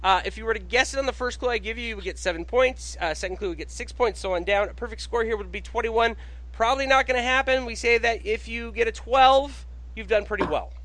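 A man hosting a casual podcast, excitable and quick with his banter, swearing freely. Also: very high-pitched, no room sound, low-quality recording. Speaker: podcast host.

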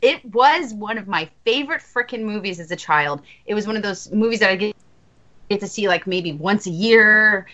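A woman's voice: medium pitch, animated, moderate pace, bright, forceful tone, dull audio. A woman in her thirties chatting candidly as a podcast co-host, joking and restarting her sentences. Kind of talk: casual podcast chat.

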